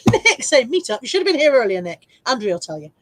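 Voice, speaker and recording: A woman's voice: sing-song, fairly quick, noisy background. A woman hosting a casual live stream from home, reading viewer comments aloud and laughing easily. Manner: high baby-talk voice to her dog.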